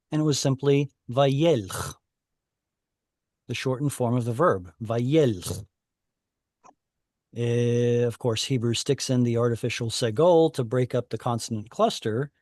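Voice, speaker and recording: A man teaching an online language lesson, taking his time with each point. His voice sits at a middle pitch and sounds close and dry, with no room around it. He explains patiently and pauses to think aloud. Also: darkish tone, no room sound. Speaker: Hebrew teacher. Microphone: video call.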